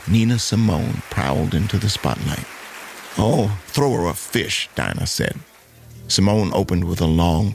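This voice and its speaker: Gravelly low-voiced male storyteller. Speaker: narrator. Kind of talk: storytelling narration.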